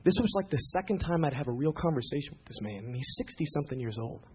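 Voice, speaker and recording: A man preaching a sermon, telling a personal story in an animated, emphatic way. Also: a little high, fast, slightly rough. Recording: dull lo-fi recording.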